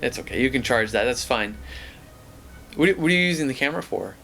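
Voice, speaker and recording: A man voicing a suspicious, stern male park ranger who questions and warns in a halting way. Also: mid-range voice, animated, creaky, bright, forceful tone, faint music behind. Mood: questioning.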